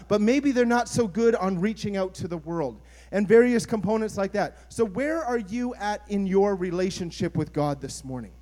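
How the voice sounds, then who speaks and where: Pastor guy, pretty high voice, earnest chatty sermon, asks the crowd stuff. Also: darkish tone. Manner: earnest, conversational preaching with audience questions.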